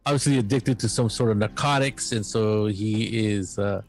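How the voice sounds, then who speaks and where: A man with a gravelly voice narrates a tabletop role-playing game as game master. He talks haltingly, with frequent fillers and restarts. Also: lowish voice.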